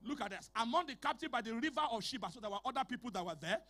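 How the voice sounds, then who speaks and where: A male pastor preaching a sermon, swinging between shouted declarations and quiet storytelling, and calling on the congregation to repeat after him. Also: very high voice, lively intonation, racing. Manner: calls on the congregation to repeat phrases. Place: church hall.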